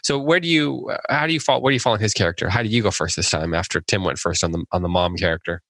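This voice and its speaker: A man with a lowish voice hosts a casual book-club podcast and reads out listener questions. His delivery is relaxed and wanders a little. The sound is dry and close, with no room around it. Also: fast, vocal fry, no room sound.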